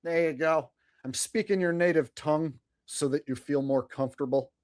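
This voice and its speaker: A man's voice: a little high, normal speed, darkish tone, no room sound, clean studio sound. A man hosting a live stream, chatting casually and sarcastically, swearing freely and laughing at his own jokes.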